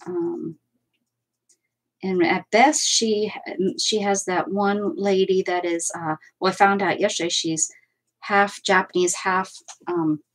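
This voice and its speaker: A woman with a mid-range voice and fairly even intonation speaks slowly on a low-quality recording. She hosts a crafting livestream from home with her cats around, chatting casually and rambling as she works and answers viewer comments.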